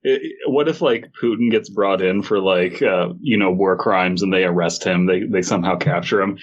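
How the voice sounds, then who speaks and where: A man's voice: low voice, fairly even intonation. Podcast guy rambling jokes, kinda muffled lo-fi sound. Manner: rambling, halting comic bits. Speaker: podcast co-host. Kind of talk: casual comedic chat. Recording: dull lo-fi mic.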